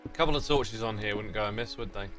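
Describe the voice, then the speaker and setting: A man's voice: fairly low pitch, quick pace, a bit bright, faint music behind. A British man streaming a game, thinking aloud and chatting with his viewers in a casual way. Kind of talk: casual livestream commentary.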